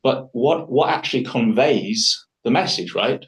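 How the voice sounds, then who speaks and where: Man, workshop leader, live talk to a group, chatty, enthusiastic, rambling restarts, middle pitch. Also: animated, unhurried, poor audio. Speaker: public speaking workshop leader.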